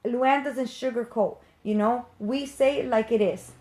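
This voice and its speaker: A woman speaking in a fairly high voice, ranting straight to her viewers in an unscripted live stream. She is a medium who teaches others, and she talks with blunt passion and heavy emphasis, swearing casually along the way. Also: steady tone, measured pace, dark tone.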